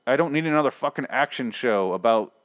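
A man's voice: mid-range voice, lively intonation, a little fast, no room sound. Sarcastic, swearing man with a dry sound. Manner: rambling and sarcastic, heavy swearing; stammers, repeating words as he restarts. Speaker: TV episode recapper. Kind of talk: casual, profane episode recap.

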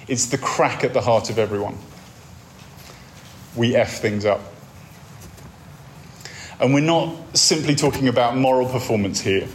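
A man's voice: mid-range voice, slight background noise. A man giving a wry, conversational talk on a faith course, telling stories to make his points. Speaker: course speaker.

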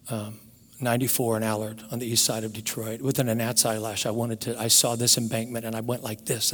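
Man in his 60s, pastor, emotional sermon delivery with big swings from loud to hushed; mid-pitched, long hall reverb.

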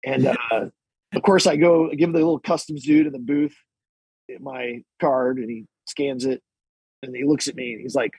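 A man with a husky, slightly breathy voice spins a long story on a podcast, doubling back and restarting as he goes. The sound is close and dry, with no room around him. He talks like a service member recounting a messy trip to a friend. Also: mid-range voice, steady tone, moderate pace, a little mellow, no room sound, poor audio. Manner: rambling, many restarts and asides, laughing at his own story. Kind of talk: casual anecdotal storytelling. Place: podcast recording.

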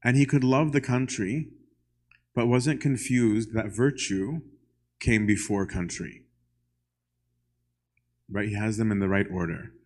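Man, low-pitched voice, church lecture, conversational, poses questions to listeners. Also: measured pace, pauses often, darkish tone. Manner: conversational, often asks "right?"; poses questions straight to the audience.

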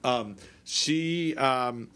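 A middle-aged man from Canada chats casually on a podcast in a mid-pitched voice. He rambles, stops and restarts his sentences, and fills the gaps with ums and uhs. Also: very slow, sharp tone. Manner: rambling, many restarts and fillers. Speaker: podcast co-host. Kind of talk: casual chat.

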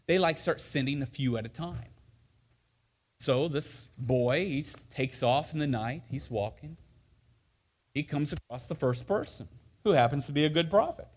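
Male preacher, storyteller, high and lively delivery, acts out voices. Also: moderate pace. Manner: animated storyteller acting out voices, fillers and restarts. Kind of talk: sermon storytelling.

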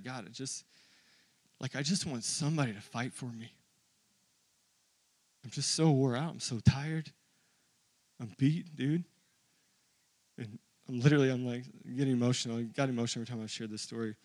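A male pastor giving a sermon in a casual, confiding way, often saying "dude" and "like". He moves from quiet storytelling to loud, fervent preaching. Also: no echo. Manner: builds from quiet, low storytelling to loud, high-pitched preaching.

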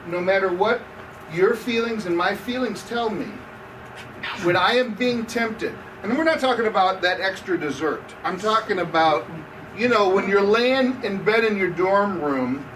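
A man's voice: high-pitched, expressive, moderate pace, far from the mic, background noise. A man preaching a conversational sermon, asking the audience questions as he goes. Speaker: campus pastor. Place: room with seated audience.

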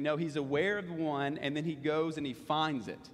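A man preaching a sermon in earnest, slowing down to stress key lines. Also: on the high side, steady tone. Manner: earnest, slows down for emphasis. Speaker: pastor. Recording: long hall reverb.

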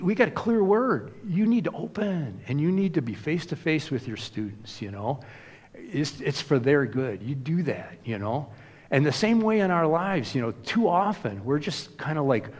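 A man's voice: on the high side, lively intonation, moderate pace, big-room sound. A man preaching a sermon in a conversational way, with many casual asides. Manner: conversational, frequent "you know" asides. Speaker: pastor.

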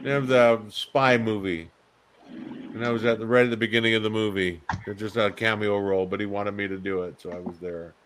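A man's voice: fairly low pitch, fairly quick, a little hiss or hum. A man telling a casual anecdote, acting out the dialogue and laughing often. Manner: animated storyteller, acts out dialogue in voices, laughs often. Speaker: guest actor.

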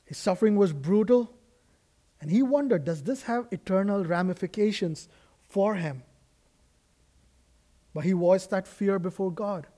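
Earnest, high-voiced male preacher. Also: a little slow, pauses often, warm tone. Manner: earnest, emphatic preaching with repeated restarts. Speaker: guest pastor. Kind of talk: sermon. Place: church sanctuary.

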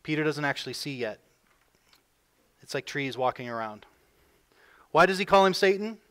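A man preaching a sermon as pastor, building emphasis and swinging between loud pushes and quiet drops. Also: a little high, expressive, moderate pace, smooth. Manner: emphatic preaching, voices quoted figures with rising force.

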